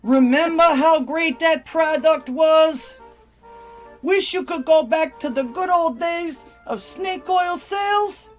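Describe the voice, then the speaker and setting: Brash New York Italian huckster for a spoof commercial, put on by a man, high and unhurried, with faint music behind. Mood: hustling.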